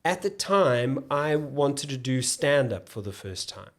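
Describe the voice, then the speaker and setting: A man's voice: mid-range voice, unhurried. A man, a guest in a podcast interview who tells long rambling stories and often breaks off mid-sentence. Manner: relaxed, rambling, self-interrupting. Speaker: podcast guest, actor and comedian. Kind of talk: casual storytelling chat.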